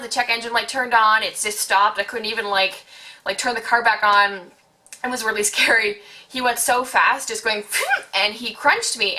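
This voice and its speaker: Bright-voiced chatty teen woman. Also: fairly high pitch. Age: late teens. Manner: chatty, heavy use of "like", animated retelling. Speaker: vlogger. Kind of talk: casual storytime vlog.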